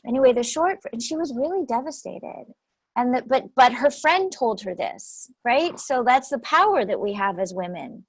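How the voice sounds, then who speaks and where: A woman guest shares stories in an interview, her voice sitting a little high. She talks animatedly and repeats key phrases to drive them home. The sound is dry and close, with no room around her. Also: expressive, unhurried, no room sound, low-quality recording. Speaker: guest speaker coach. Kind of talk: conversational interview storytelling.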